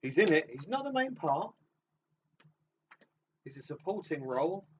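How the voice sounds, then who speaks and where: A man's voice: fairly high pitch, sing-song, measured pace. A man co-hosting a live show, chatting in a teasing way and explaining things loosely. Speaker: co-host and game streamer. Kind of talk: casual chat. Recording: distant, dull, faintly noisy.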